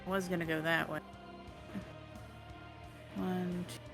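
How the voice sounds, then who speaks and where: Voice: medium pitch, little pitch movement, takes it slowly, vocal fry, over music. A player in a tabletop game, thinking aloud and unsure about their move. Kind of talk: casual tabletop game play.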